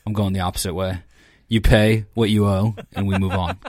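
A man's voice: low-pitched, little pitch movement, a little fast, darkish tone, dry recording, clean studio sound. A man co-hosting a casual football podcast, joking in a mock-ranting, swearing way. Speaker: podcast co-host.

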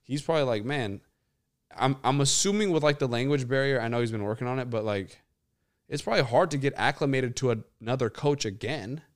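A man's voice: medium pitch, a little fast. A man in his twenties, casual and profane, joking and rambling on a sports chat show. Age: 20s. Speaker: podcast co-host.

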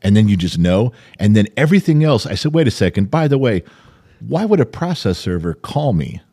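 A middle-aged man hosting a podcast, telling a story in casual chat, animated and profane, acting out the people he quotes. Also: on the low side, fairly quick, slightly rough. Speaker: podcast host.

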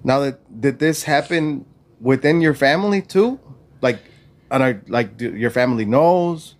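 A man hosting a podcast, asking gentle, probing questions padded with fillers. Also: mid-range voice, animated, unhurried. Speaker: podcast host. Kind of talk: interviewing a guest.

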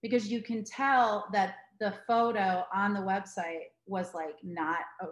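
A woman's voice: medium pitch, fairly even intonation, a little slow. Young comedian woman, casual storyteller, roomy echo. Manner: storytelling, slips into silly voices. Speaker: comedian guest. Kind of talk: casual podcast chat.

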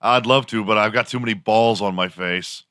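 A man's voice: on the low side, normal speed, pushed and bright, clear, resonant tone, no room sound, clean studio sound. A man voicing a crude young guy who makes up dumb slang, talking bluntly and matter-of-factly.

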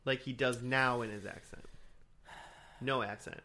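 A man co-hosting a podcast in casual chat, excitable and profane, laughing often. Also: medium pitch, unhurried. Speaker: podcast co-host.

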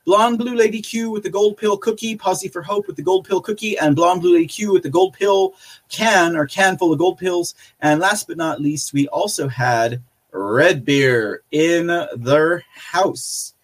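Male podcast host with a high voice, chatty and rambling, full of fillers and quick laughs. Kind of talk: casual live-stream chat recap.

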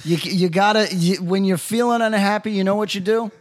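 A man's voice: high voice, fairly even intonation, brisk. A man co-hosting a podcast, talking in brash, profane, joking banter. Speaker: podcast co-host. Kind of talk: casual crude podcast banter.

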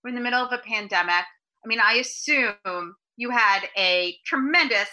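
Woman host, bright ringing voice, enthusiastic interviewer. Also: on the high side, low-quality recording. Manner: eager, enthusiastic questions. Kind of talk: casual interview.

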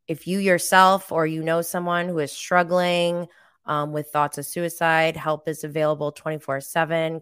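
A woman's voice: low voice, fairly bright tone, smooth. A woman hosting a podcast, chatting casually through a live recap with many fillers and giggles. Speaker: podcast host.

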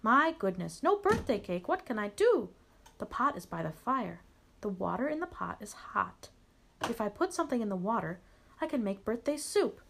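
A woman voicing a cheerful small male bear cub in a storybook read-aloud, in a high, eager childlike voice. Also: sing-song, moderate pace, gravelly, fairly bright tone, slight background noise, exaggerated voice.

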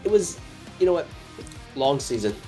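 A man's voice: on the high side, sing-song, moderate pace, mellow, soft background music. A man co-hosting a live rugby show, joking and diplomatic. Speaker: co-host. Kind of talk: casual live show chat.

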